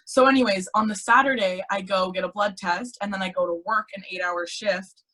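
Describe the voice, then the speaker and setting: A teenage girl in casual chat, telling her story in an animated way with lots of filler words. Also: medium pitch, brisk. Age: teens. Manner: chatty, animated storytelling with many "like"s. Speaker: guest.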